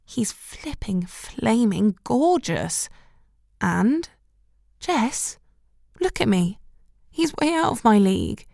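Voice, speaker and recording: Woman voicing a flustered young woman, high-pitched, babbling, stumbling speech, dry close sound. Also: big pitch swings, slow pace, vocal fry, long pauses, darkish tone, dry recording, full character voice. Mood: anguished. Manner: rambling, stumbling over her words.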